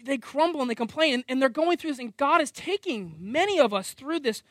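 A man's voice: very high voice, fairly quick, dry recording, studio quality. A middle-aged man preaching a sermon, conversational and self-deprecating, often acting out voices. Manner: animated, acts out quoted voices.

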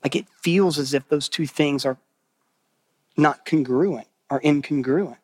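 A pastor preaching a sermon, earnest, repeating phrases for emphasis and asking the listeners questions. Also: male voice, a little high, unhurried, darkish tone, no room sound.

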